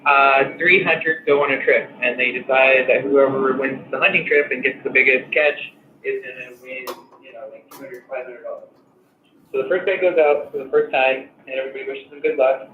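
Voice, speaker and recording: A man's voice: mid-range voice, fairly even intonation, a little fast, a little hiss or hum. A man calling into a show, eagerly telling a long joke with a giggly delivery. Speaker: caller. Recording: echoey, distant, tinny call audio.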